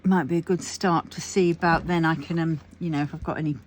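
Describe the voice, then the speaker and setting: A woman's voice: sits low, fairly even intonation, quick pace. A woman vlogger chatting casually to camera at home, rambling and thinking aloud with plenty of fillers. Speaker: crafting vlogger.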